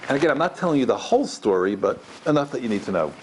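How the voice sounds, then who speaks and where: This middle-aged rabbi races through a storytelling lecture for a live crowd in a big room, with noise in the background. He performs each person in his tales in an animated way, swinging sharply in pitch.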